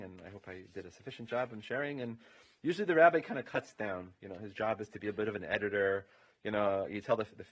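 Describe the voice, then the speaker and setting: Male rabbi, mid-pitched, informal funeral eulogy, meandering and full of fillers. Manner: informal and meandering, leaning heavily on "you know". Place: funeral home chapel.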